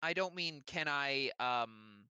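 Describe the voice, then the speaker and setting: A player in a tabletop game on a voice call, talking in an animated, hesitant way that often breaks off and restarts. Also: medium pitch, slow, clear, resonant tone, no echo. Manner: animated, hesitant, self-interrupting.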